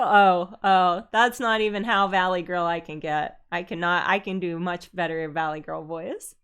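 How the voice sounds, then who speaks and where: A woman VTuber giving excitable, casual commentary while playing a game. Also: on the low side, normal speed, few pauses, clean tone. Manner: excitable, laughing exclamations. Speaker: VTuber streamer.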